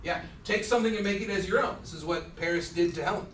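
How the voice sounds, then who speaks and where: A man lecturing a class with a fairly high voice, loose and joking, slipping into little voices for the people he quotes. He is picked up from across an echoey lecture hall, with faint noise behind him. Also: quick pace, fairly bright tone, distant mic. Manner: casual, joking, acts out quoted speakers. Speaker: university lecturer.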